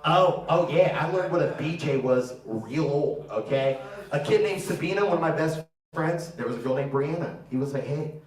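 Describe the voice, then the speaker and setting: Comic in his thirties, from Florida, high and brash, crude crowd work, roomy stage sound with a live crowd. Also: animated, moderate pace. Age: 30s. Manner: brash, crude, swings to loud shouting. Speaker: stand-up comedian. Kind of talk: stand-up set with crowd work. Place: comedy theater stage before a live audience. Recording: roomy, far-off mic, crowd noise.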